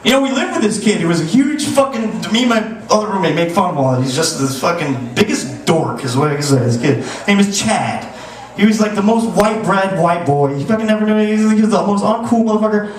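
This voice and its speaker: A man's voice: high voice, lively intonation, brisk, recorded from a distance. A man doing a crude stand-up set in a comedy club, rambling with restarts. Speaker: stand-up comic. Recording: echoey club recorded from afar.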